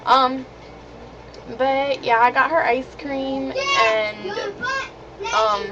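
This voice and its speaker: A woman's voice: sits high, expressive, very slow. A teenage girl telling a story to the camera in a casual vlog, chatty and indignant, with lots of "like" fillers. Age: teens. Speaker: vlogger. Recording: dull lo-fi webcam audio with clear background hiss.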